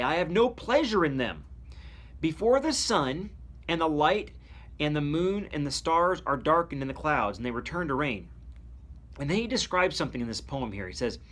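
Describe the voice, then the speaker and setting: A male pastor delivering a devotional message with a lively, swooping delivery. His voice sits a bit high for a man. He reads scripture and then unpacks it in plain, chatty asides.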